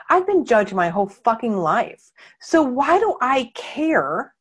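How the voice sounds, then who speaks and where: Woman, marketing coach, husky, higher voice, emphatic, blunt, swears. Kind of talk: coaching training talk.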